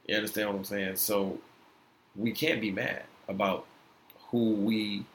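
Low-voiced young man rambling casually. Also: level tone, a little slow. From United States. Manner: rambling, loose slang, frequent "you know what I'm saying". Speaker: podcast host. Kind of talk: casual opinion talk.

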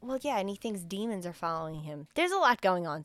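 A woman hosting a podcast, casually retelling a horror film in an animated way, acting out the characters' lines with swearing and laughter. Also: mid-range voice, brisk. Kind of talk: casual chat.

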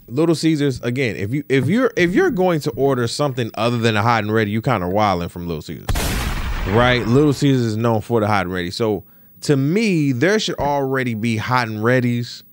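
A man hosting a solo podcast, telling a story in a casual, slangy way and often checking in with rhetorical questions. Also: mid-range voice. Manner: profane, slangy, with stammered restarts. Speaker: podcast host.

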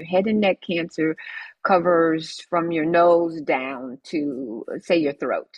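A woman who survived cancer tells her personal story as a guest in a conversational interview, speaking slowly in a low voice. She's firm and direct, an animated storyteller who acts out the dialogue of the people involved. The recording is dry and sounds dull.

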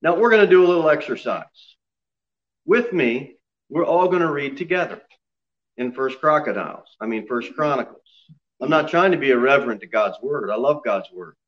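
A man's voice: medium pitch, lively intonation, moderate pace, highs cut off. A male pastor preaching a sermon to his church, joking and self-deprecating, often repeating himself. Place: church sanctuary.

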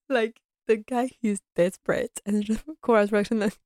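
A woman's voice: medium pitch, normal speed, darkish tone, dry recording, studio quality. A young woman giving a casual, enthusiastic episode recap as a fan reviewer, laughing often and using lots of fillers.

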